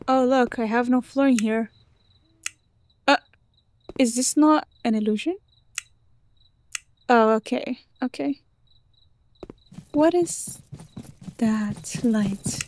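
On the high side and slightly mellow, a woman's voice carries a let's play commentary as she games through something spooky. Chatty and jumpy, she talks nervously to herself, remarking on every door and noise.

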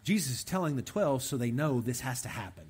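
A young man preaching a conversational sermon, animated and speaking directly to the men listening. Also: mid-range voice, fairly quick, slightly rough. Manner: animated, talks straight to the men in the room.

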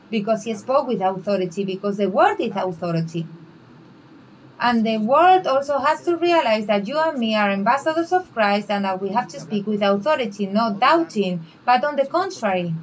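A woman co-pastor whose first language is Spanish preaches earnestly in a slightly high voice with lively intonation at normal speed. She acts out skeptics' questions in a raised voice, and the recording quality is low.

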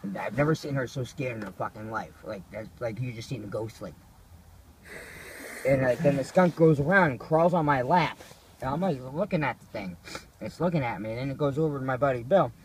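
A man's voice: medium pitch, a little fast, slight background noise. A man casually telling rambling, profanity-laced stories to a friend. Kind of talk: casual storytelling.

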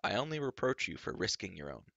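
Earnest young hero, man doing it, gravelly and bright. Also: on the low side, very animated, quick pace, no room sound, muffled recording, full character voice. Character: brave young male hero.

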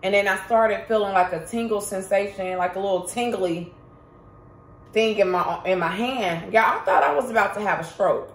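A woman's voice: medium pitch, moderate pace, a little hiss or hum. A woman telling a story to her viewers in a casual vlog, chatty and emphatic, talking straight to the audience. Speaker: vlogger. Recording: roomy echo.

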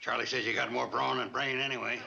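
A meddling older handyman, talks in a gravelly, level, folksy way. His blunt remarks come through the dull sound of an old sitcom. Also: medium pitch, level tone, quick pace, bright, forceful tone, a little hiss or hum, exaggerated voice.

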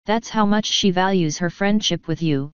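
A grave royal mare from a storybook, speaking in a slow, solemn, pleading way, as a woman reads her lines. The voice sits low and very smooth. The recording is dry and a little dull. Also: no echo, natural voice.

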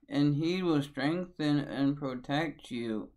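A man's voice: medium pitch, slow pace, rough recording. A man hosting a devotional video who chants his catchphrase over and over, then reads scripture and gives blessings in an earnest, preacherly way. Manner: sing-song, repeats phrases over and over. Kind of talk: repetitive catchphrase intro, then scripture reading.

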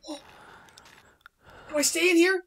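A woman hosting a horror game let's play, jumpy and excitable, talking to herself with yelps and nervous laughs. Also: extremely high pitch, a little slow, slight background noise, poor audio. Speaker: gaming channel host.

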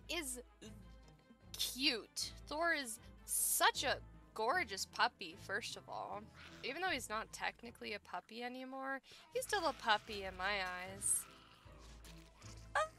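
A woman's voice: on the high side, sing-song, measured pace, bright, forceful tone, soft background music. A young woman streaming a survival game, chatting playfully with her viewers and talking to herself as she plays. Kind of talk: casual gameplay chat.

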